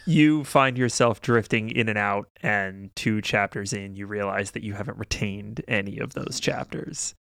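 A man narrating a tabletop game as game master, relaxed and joking, laughing often. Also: fairly low pitch, moderate pace, creaky, hardly any pauses, clear, resonant tone, dry recording, clean studio sound.

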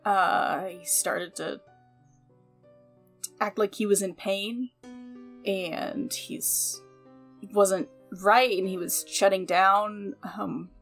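A woman voicing a protective male crew member who speaks earnestly, haltingly and firmly, in a tabletop game. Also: mid-range voice, steady tone, fairly bright tone, soft background music. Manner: halting, earnest, full of restarts. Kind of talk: in-character tabletop dialogue.

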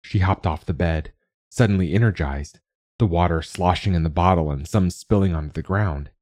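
A man narrating a science fiction short story in a calm, measured storytelling manner. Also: sits low, no echo. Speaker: narrator and podcast host.

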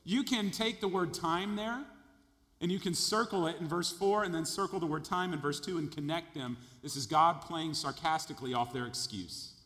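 An emphatic male pastor preaches a sermon, his voice sitting a little high for a man. He builds his points to loud peaks, and a long reverb hangs behind every phrase as in a large sanctuary. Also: normal speed. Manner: emphatic, builds in volume, repeats words.

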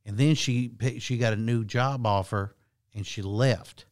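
A man's voice: medium pitch, unhurried, no room sound, clean studio sound. A man co-hosting a podcast, telling a story in casual chat with a folksy drawl and loose, everyday grammar. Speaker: podcast co-host.

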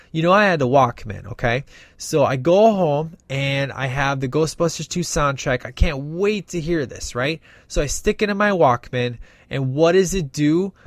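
A man's voice: fairly high pitch, no echo. A man casually reviewing a film in a rambling, enthusiastic way, with many fillers. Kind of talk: casual movie review monologue.

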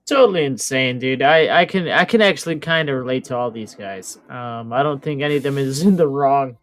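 A man's voice: mid-range voice, brisk, a bit bright. A man co-hosting a talk show, speaking hesitantly with many fillers. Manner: hesitant, lots of uh. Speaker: co-host. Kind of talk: casual radio chat.

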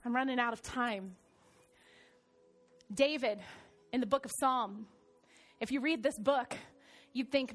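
Woman pastor, high voice, sermon with lively storytelling, church setting. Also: unhurried, pauses often, faint music behind. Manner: animated storytelling, swings from soft to loud.

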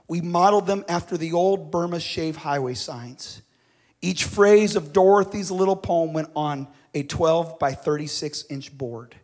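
Male preacher, storytelling sermon; slightly high voice, dramatic swells and soft drops. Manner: dramatic readings with swelling and dropping loudness.

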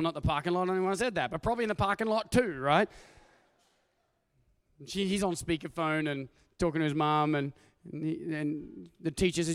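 A middle-aged man preaches from the stage, his voice sitting high for a man. He tells his stories in an animated way, acting out the people in them. A long reverb trails each phrase through the church hall. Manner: animated storytelling with acted-out voices. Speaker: pastor. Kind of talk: sermon. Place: church auditorium.

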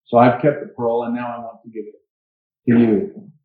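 A grieving old pearl diver speaks slowly and earnestly, as a preacher reads him in a story. The sound is dull and echoey, like a church recording with mic trouble. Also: male voice, medium pitch, completely flat delivery, lightly acted.

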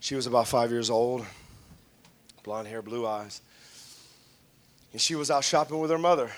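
A male pastor preaching a sermon in a church, calling out to the congregation and building up to shouts. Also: medium pitch, moderate pace.

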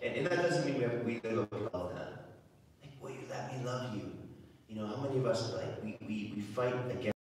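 A man's voice: medium pitch, fairly quick, background noise. A man giving a homily, talking conversationally and often repeating words as he restarts. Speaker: preacher. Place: church. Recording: echoey church from far off.

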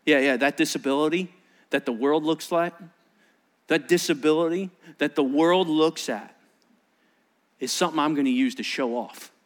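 A middle-aged male pastor preaching a sermon, animated, acting out voices from the story and often repeating himself. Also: fairly high pitch, moderate pace, long pauses.

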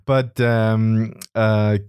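A man's voice: lowish voice, flat delivery, extremely slow, darkish tone, smooth. A middle-aged man talking as a podcast guest, making dry self-mocking jokes between hesitant ums and uhs. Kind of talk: casual chat. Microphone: studio mic.

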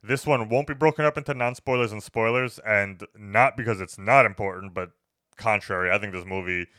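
A man's voice: brisk, dry recording, studio quality. A man hosting a casual movie review podcast, rambling and swearing freely, full of "like" and "you know". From United States. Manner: jumps into loud high mock voices for quoted lines. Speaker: podcast host.

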